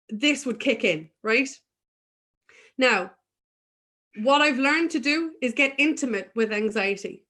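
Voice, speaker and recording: A woman with a somewhat high voice talks as a guest in a spiritual conversation. She is earnest and emphatic, and frank about her own struggles. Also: bright, forceful tone.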